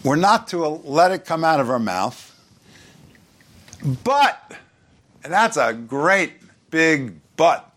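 A pastor from New York with a New York accent, preaching in a conversational way with joking asides and scripture read aloud. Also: male voice, on the high side, very animated, slow pace, long pauses, fairly bright tone. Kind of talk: sermon.

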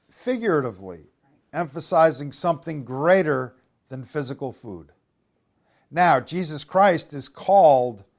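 Man teaching scripture with tag questions. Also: a little high. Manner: asks rhetorical tag questions; reads scripture aloud in King James wording. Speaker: preacher. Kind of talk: Bible teaching.

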